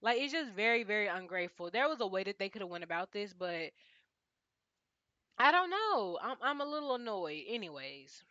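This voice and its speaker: Bright-voiced woman ranting bluntly. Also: medium pitch, sing-song, normal speed, no echo, muffled recording. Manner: blunt, profane, exasperated. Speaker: reality TV recap host. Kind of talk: casual TV recap rant.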